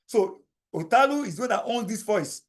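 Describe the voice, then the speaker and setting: A man guides the viewer through a software tool step by step, speaking over a screen recording. He talks straight to the learner and circles back to repeat each instruction. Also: high-pitched, lively intonation, moderate pace. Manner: repetitive, step-by-step explaining, addresses viewer directly. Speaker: tutorial instructor.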